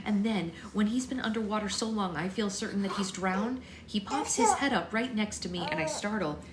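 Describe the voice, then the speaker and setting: A young woman hosting a book club, reading a novel aloud live in a chatty way and pausing to soothe her baby. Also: medium pitch, heavy background noise. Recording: echoey room, faint ambience.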